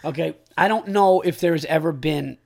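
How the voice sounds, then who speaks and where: A man's voice: a little high, moderate pace, creaky. A man hosting a casual comedic podcast chat, ranting in heated, profane bursts and breaking into laughter. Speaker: podcast host.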